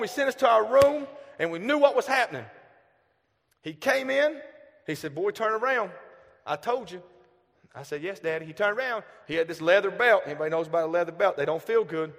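Southern male preacher, 30s, high voice, animated storyteller, long church-hall reverb. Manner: animated, shifts from loud bursts to hushed asides. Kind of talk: storytelling sermon.

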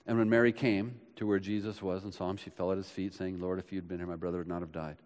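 A man preaching a sermon as pastor, swinging from loud urgent builds to soft hushed passages, recorded in a church. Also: low voice, little pitch movement, fast. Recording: long hall reverb.

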